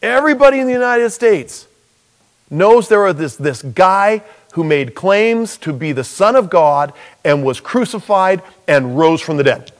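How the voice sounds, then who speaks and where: Animated high-voiced man preaching. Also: a little slow. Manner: animated, acts out dialogue, jokey asides. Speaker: pastor. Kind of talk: sermon.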